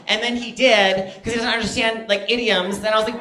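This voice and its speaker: A man's voice: very high-pitched, level tone, fairly quick, pushed and bright, roomy sound, slight background noise. A man in his thirties performing a stand-up comedy set on stage, chatty and self-deprecating, full of fillers and asides. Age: 30s. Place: stage in front of a live audience.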